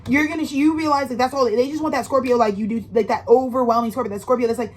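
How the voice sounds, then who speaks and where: Brief: woman tarot reader, fairly high voice, slangy and profane, rambling direct address, faint noise behind. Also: steady tone, fast talker, low-quality recording. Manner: rambling, emphatic and profane, with frequent restarts. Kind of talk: casual tarot reading monologue.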